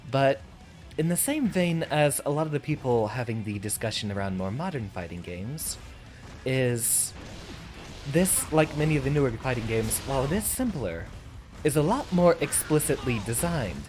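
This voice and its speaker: A man's voice: medium pitch, sing-song, moderate pace, music in the background. A man streaming a fighting game, chatting and thinking aloud as he plays, now and then laughing. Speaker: VTuber streamer. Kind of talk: live gameplay commentary.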